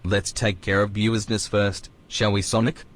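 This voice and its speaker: A man's voice: on the low side, level tone, normal speed, lightly acted. An actor with an Australian accent playing a cold, menacing male villain in a video game. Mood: taunting. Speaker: game character clip.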